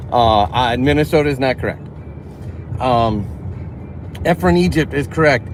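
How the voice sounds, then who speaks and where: Man host chatting to viewers mid-drive, everyday pitch, steady car noise under the voice. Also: unhurried, pauses often, low-quality recording. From northern Illinois. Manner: chatty, reads and answers chat. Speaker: livestream host. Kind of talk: casual livestream chat while driving. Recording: car road noise behind.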